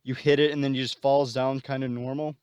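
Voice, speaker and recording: A man's voice: medium pitch, flat delivery, fairly quick, darkish tone, clean tone, dry recording. A man casually retelling a story plot, rambling and full of fillers.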